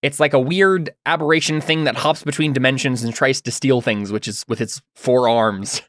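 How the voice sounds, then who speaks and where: Casting: male game master, mid-pitched, dry close mic, chatty and rambling. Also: normal speed, a bit bright, no echo. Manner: rambling, filler-heavy describing. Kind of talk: narrating a tabletop game.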